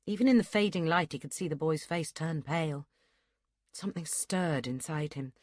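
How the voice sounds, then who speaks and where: A low-voiced woman gives a steady, measured audiobook reading of scripted narration. The recording is studio quality, with no room sound.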